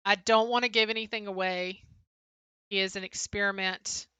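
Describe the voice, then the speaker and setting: Bright, clear-voiced woman streamer. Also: medium pitch, steady tone, normal speed, no echo. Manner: chatty, answers chat names, frequent "um" fillers. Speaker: livestream co-host. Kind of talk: casual livestream chat, reading viewer comments.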